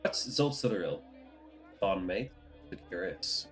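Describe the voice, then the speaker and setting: A man playing his character in a tabletop game with a slow, dry, deadpan delivery. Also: sits low, soft background music. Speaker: player. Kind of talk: in-character tabletop role-play.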